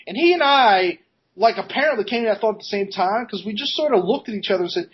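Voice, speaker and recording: A man co-hosting a podcast, telling a story in a casual, animated way, laughing and swearing as he goes. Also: high-pitched, fast talker, breathy edge. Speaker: podcast co-host. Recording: dull lo-fi podcast recording.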